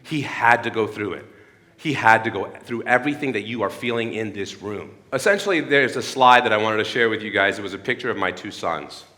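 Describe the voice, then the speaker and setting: A man's voice: on the low side, expressive, brisk, pushed and bright, in a large hall. A man in his thirties giving an earnest sermon-like talk at a church. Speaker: speaker at a church. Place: church hall.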